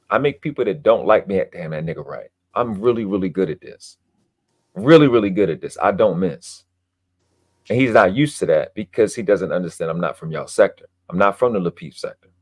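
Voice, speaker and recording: A man talking in a heated, casual podcast conversation, boastful and emphatic, with lots of swearing. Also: lowish voice. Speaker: podcast guest. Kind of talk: heated casual debate talk.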